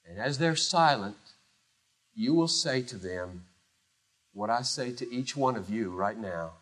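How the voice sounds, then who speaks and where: Man, pastor, sermon, slow deliberate delivery, animated swooping pitch, loud then hushed. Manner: emphatic, swinging from loud declaration to hushed low phrases with long pauses.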